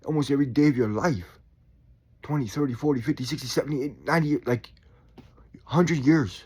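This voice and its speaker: A man in his forties talking in a calm, reflective way about staying chill, with sighs and quiet asides. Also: medium pitch, fast, breathy edge. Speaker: spiritual vlogger. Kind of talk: casual reflective monologue.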